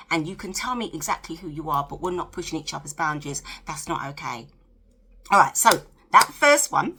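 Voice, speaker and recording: A woman's voice: low voice, gravelly, fairly bright tone. A woman in her late fifties giving frank, chatty dating advice to camera, checking in with the viewer with tag questions. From United Kingdom. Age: 50s. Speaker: lifestyle vlogger.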